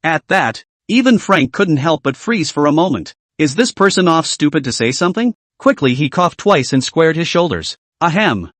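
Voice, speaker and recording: A man narrates a comic story recap with animated, lively pitch swings. His voice sits a little high and sounds dry and close to the mic. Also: normal speed, few pauses, no echo.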